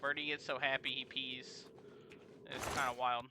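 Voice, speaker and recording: A man's voice: medium pitch, little pitch movement, normal speed, background noise. A young man casually commenting on a game during a live stream, laid-back and slangy, rambling between actions. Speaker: let's play streamer. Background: game music.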